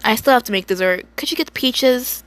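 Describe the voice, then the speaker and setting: A woman's voice: a little high, animated, a little fast, a bit bright, voice pushed up. A woman voicing a cheerful young woman who cooks for her family, in a light, slightly raised voice. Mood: gentle. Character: cheerful young woman, a caring home cook.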